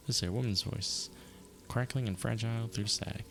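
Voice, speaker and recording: A man streaming a video game, reading its narration aloud and reacting with quick casual asides. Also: on the low side. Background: game music.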